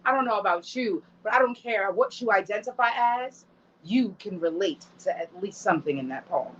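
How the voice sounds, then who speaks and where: A woman hosting a show, bantering playfully with guests in an animated way. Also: medium pitch, slight background noise. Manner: animated, playful, drawn-out exclamations. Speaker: show host. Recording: dull lo-fi sound.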